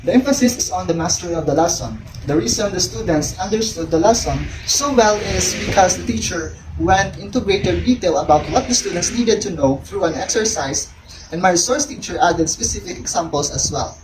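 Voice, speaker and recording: Woman reading a field report. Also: fairly low pitch. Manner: reads questions then answers them, with restarts and cut-off words. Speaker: education student. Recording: noisy recording with ambient noise and birds.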